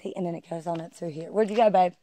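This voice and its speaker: Walking a wooded trail with her phone held out to film, this woman speaks in a lowish, warm voice at a quick pace with fairly even intonation. It's an excited vlog, full of breathless exclamations as she eagerly and repeatedly tells viewers to look.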